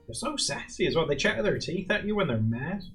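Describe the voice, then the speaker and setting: A young man streaming live, chatting casually and rambling while he draws, often laughing and jumping into high squeaky bursts. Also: big pitch swings, brisk, a bit bright, soft background music. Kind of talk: casual chat while drawing on a livestream.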